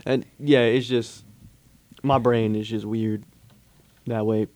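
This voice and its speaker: A young man chatting casually as a student podcast co-host, animated and quick to slip into playful impressions. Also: lowish voice, no echo. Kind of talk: casual chat.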